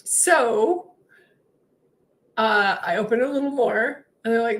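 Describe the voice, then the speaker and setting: A woman's voice: slow, pauses often. A woman hosting a spiritual livestream, telling her story casually and animatedly with frequent laughs. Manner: chatty, laughs often between sentences; animated, swings her voice up high when acting out her own replies.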